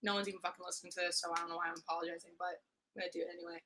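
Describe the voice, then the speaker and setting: A young woman hosting a casual solo podcast, her voice hoarse and worn, chatty and swearing often with mock-aggressive rants. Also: fairly low pitch, level tone, very fast, pushed and bright, a little hiss or hum, rough recording. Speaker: podcast host.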